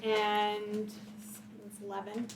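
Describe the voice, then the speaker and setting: A woman playing a tabletop game, talking in an unhurried, thoughtful way with many fillers. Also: mid-range voice, monotone. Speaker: player. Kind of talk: casual tabletop game play. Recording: noisy, echoey room, far from the mic.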